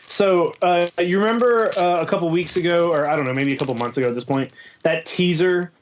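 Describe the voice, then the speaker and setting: A man co-hosting a podcast in casual banter, laid-back and deadpan. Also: fairly high pitch, brisk, a little hiss or hum. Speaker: podcast co-host.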